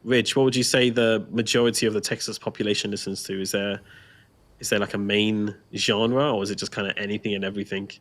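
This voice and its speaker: A man's voice: on the low side, steady tone, fast talker, a bit bright. A man co-hosting a casual gameplay livestream, chatting, laughing often and reading out viewer comments. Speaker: stream co-host.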